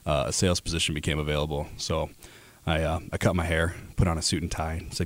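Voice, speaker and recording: Speaking quickly in a low, fairly monotone voice, this Alaskan ad sales rep in his thirties chats as a radio guest. He talks earnestly about his work, often restarting sentences and leaning on fillers, in relaxed interview conversation.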